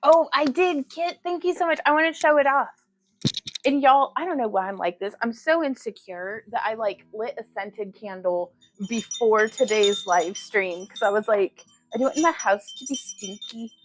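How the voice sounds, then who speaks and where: A woman's voice: fairly high pitch, moderate pace, over music. A woman hosting a casual jewelry-making livestream from her home craft room, chatting with viewers, laughing often and cooing at her cat.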